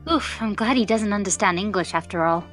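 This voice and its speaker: A woman's voice: medium pitch, brisk, a bit bright, soft background music. A woman making teasing, sarcastic remarks in casual commentary over a game with friends. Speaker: let's play co-commentator.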